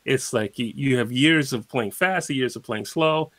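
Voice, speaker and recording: A guitarist appears as a guest in a casual interview, explaining things at an easy, unhurried pace. His mid-range voice has a fairly bright tone, and he uses plenty of fillers and spoken examples.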